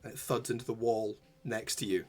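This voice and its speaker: A man narrating a tabletop role-playing game as game master, describing scenes slowly and deliberately. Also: fairly low pitch, steady tone, darkish tone, faint music behind.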